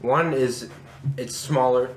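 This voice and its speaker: A man's voice: medium pitch, fairly even intonation. A young man co-hosting a podcast in casual chat, eager and swearing freely as he explains something. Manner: enthusiastic, swears, quick asides. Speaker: podcast co-host. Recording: echoey room, faint background noise.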